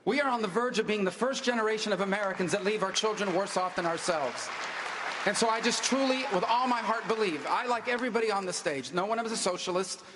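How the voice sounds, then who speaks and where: A man speaking as a candidate in a political debate, delivering rapid, forceful lines with lots of repetition, recorded at a podium mic. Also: high-pitched, a crowd in the background, background noise. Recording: live on stage in large reverberant hall.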